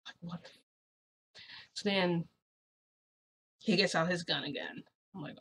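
A young woman casually telling a story as a vlogger, chatty and excitable, often saying "freaking". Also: fairly low pitch, unhurried, a little hiss or hum.

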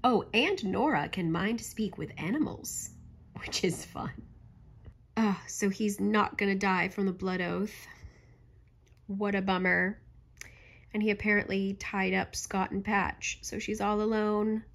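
A young woman with a slightly hoarse, mid-pitched voice, rattling through a book recap in a chatty, sarcastic tone. She swears now and then and sounds like she is talking to friends. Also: steady tone, unhurried. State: voice going hoarse. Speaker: book reviewer.

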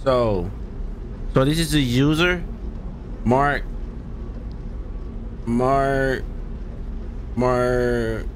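A man's voice: medium pitch, extremely slow, long pauses, a little hiss or hum. A young man streaming a horror game, jumpy and exclaiming as he talks to his chat. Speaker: gaming streamer. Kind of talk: live horror game commentary.

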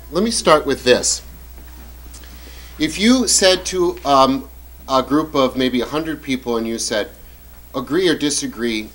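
A man's voice: mid-range voice, fairly bright tone, rough recording. A middle-aged man giving a conversational, joking lecture to a church audience. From United States. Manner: conversational, joking, with quoted asides. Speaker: guest lecturer.

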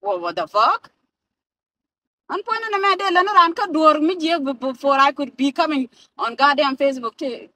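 A high, pushed, bright voice comes from a South Sudanese woman vlogging from her car, speaking briskly with few pauses. She swears and rants at her phone camera in more than one language, captured in a dry, poor-quality recording.

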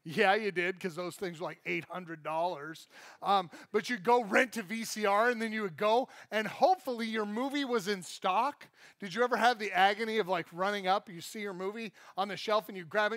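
A man's voice: high voice, moderate pace, a bit bright, no echo. A male pastor preaching a live sermon at a church service, conversational and joking, with self-deprecating asides.

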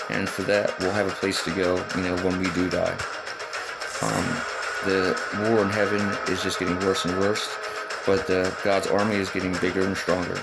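A man's voice: low-pitched, fairly even intonation, normal speed, over loud music, rough recording. A man in his thirties, shaken and upset, rambling through a retelling of a dream with many ums and restarts. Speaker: vlogger recounting a dream. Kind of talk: casual spoken storytelling.

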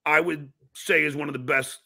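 A New York-accented man hosts a casual podcast, talking in a loose, rambling way. His voice is fairly high and gravelly, with a bright, sharp edge. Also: steady tone, moderate pace. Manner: loose, rambling, reads out fan messages. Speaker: podcast host.

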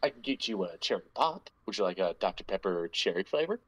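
A man's voice: deep voice, very animated, fast talker, muffled recording. A man hosting a podcast, rambling and joking crudely in casual banter. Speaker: podcast host.

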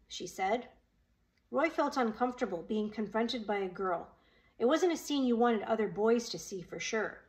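A woman's voice: on the high side, moderate pace, low-quality recording. A woman reading a children's novel aloud, giving each character a voice of their own. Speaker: audiobook reader. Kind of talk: storybook narration with character voices.

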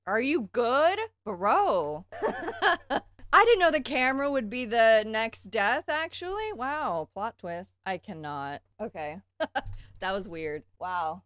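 A woman's voice: a little slow, few pauses, smooth, no room sound. A woman streaming at home as an anime reaction streamer, talking casually and exclaiming and laughing a lot, with faint show audio behind her. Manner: highly expressive, exclaiming and laughing. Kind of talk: casual live reaction commentary.

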